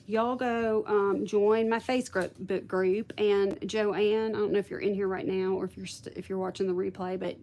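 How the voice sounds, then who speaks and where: A woman's voice: mid-range voice, steady tone, moderate pace, hardly any pauses, darkish tone. A woman hosting a casual craft livestream, chatting with viewers and thinking aloud. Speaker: craft video host.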